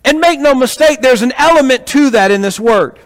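A man preaching a sermon to a congregation, telling stories with rhetorical questions in an animated way. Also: very high voice, moderate pace. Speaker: pastor. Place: church hall with congregation. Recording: echoey hall.

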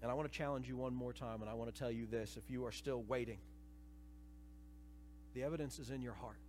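A man preaching a sermon to a church congregation, dramatic, swinging between hushed and loud passages and acting out voices. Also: medium pitch, steady tone, fairly quick, a little hiss or hum. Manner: acts out quoted voices. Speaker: pastor. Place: church sanctuary. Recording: reverberant church hall.

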